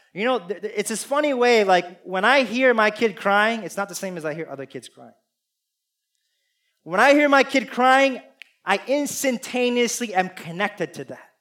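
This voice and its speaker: A man preaching a sermon, earnest and confessional, swinging between loud appeals and hushed asides. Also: high-pitched, expressive, moderate pace. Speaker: pastor.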